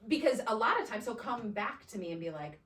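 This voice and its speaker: A woman with a higher, sing-song voice talks a little fast with a slightly bright tone. She's chatting casually, telling a story with energy, often playing both sides of an exchange and closing her points with a questioning "right?". The recording sounds roomy, picked up by a distant mic.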